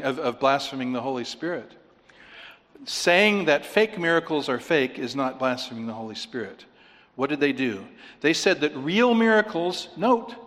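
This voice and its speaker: A man's voice: mid-range voice, a bit bright, in a large hall. A man preaching a sermon, counting off his points one by one and pressing them home with rhetorical questions. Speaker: pastor.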